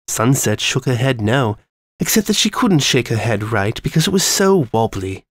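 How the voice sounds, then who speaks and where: A man reads a dark story aloud in a measured, ominous way. His pitch sits in the middle of the range, and the close recording has no room sound. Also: big pitch swings, no room sound. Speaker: story reader. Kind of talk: dramatic reading of a dark fan story.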